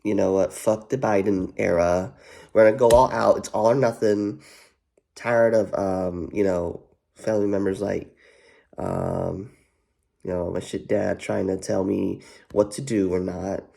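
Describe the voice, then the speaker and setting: Rambling male vlogger, low and gravelly, swears freely, loops on fillers. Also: fairly even intonation, a little slow, mellow. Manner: rambling, heavy filler "you know what", profane, repeats himself. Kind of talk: casual rambling commentary.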